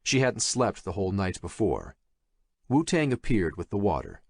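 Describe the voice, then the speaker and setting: Low, expressive male audiobook narrator. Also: gravelly, no room sound, clean studio sound. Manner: measured, expressive storytelling. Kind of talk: scripted horror thriller narration.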